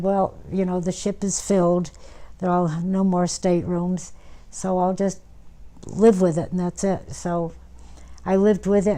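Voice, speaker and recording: An older woman tells her memories with a low, dark, mellow voice that barely rises or falls. Her talk wanders, full of "uh"s, false starts and corrections. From United States. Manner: rambling, many fillers and restarts. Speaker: interviewee, former nurse. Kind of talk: oral history interview.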